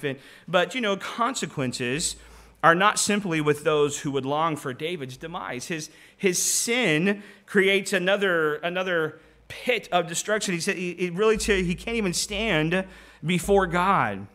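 A man's voice: sits high, a little slow, pushed and bright. A middle-aged man preaching a conversational sermon, reading scripture aloud and often restarting his sentences.

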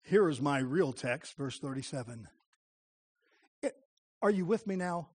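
A man preaching a sermon as pastor, impassioned, moving from hushed tones to crying out. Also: on the high side, animated, measured pace, slightly rough.

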